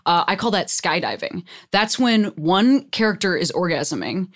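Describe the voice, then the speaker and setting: Woman, podcast host, casual chat, animated, joking. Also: lowish voice, normal speed. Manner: animated, joking, laughs often.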